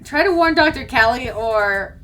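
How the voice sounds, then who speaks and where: Bright, lively woman reading a game aloud. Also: fairly high pitch, normal speed. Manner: animated, laughs and exclaims often. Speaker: let's play streamer. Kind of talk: playing and reading a visual novel aloud.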